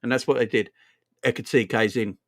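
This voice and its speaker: Young man, from England, fan stream host, animated, laughs a lot, slangy, casual chat. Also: medium pitch, normal speed, vocal fry. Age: young adult.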